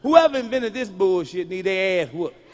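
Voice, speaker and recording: A man performing live stand-up storytelling, profane and punchy, swinging from muttered asides to sudden yells. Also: high voice, expressive, moderate pace. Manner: loud, profane, punchy delivery that jumps between muttering and yelling. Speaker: stand-up comedian.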